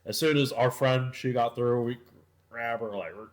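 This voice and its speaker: A man's voice: mid-range voice, steady tone, normal speed. A young man co-hosting a podcast in casual chat, telling rambling, profane stories that often drop to a mutter. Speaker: podcast co-host.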